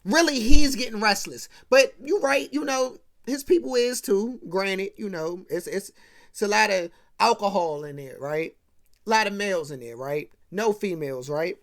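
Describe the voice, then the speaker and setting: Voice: mid-range voice, moderate pace, fairly bright tone. A casual host retelling a movie plot in slangy talk, often checking in with the listener. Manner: slangy, keeps checking in with "right?". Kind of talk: casual rant retelling a film.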